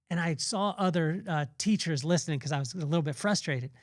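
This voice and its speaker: A man's voice: on the high side, fast, few pauses, no room sound, clean studio sound. A man hosting a podcast, giving an earnest, rambling devotional talk that often circles back and restarts his phrases. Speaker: podcast host.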